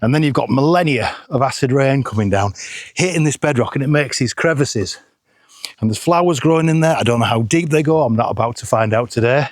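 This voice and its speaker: With a mid-range voice that runs a little fast, a middle-aged man from England vlogs about photography on a hillside outdoors, chatty, jokey and self-deprecating. The recording is dry and of studio quality.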